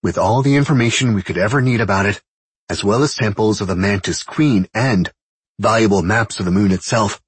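A man voicing a brisk, commanding senior woman officer in a storybook reading. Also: lowish voice, breathy edge, dry recording, voice pushed up.

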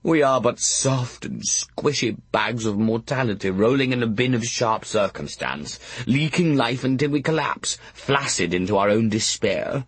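A man voicing a melodramatic old blind earl in an audiobook, croaking and lamenting slowly. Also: mid-range voice, lively intonation, no echo. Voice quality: croaking, theatrical wailing. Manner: slow, drawn-out lamenting. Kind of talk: audiobook character voice.

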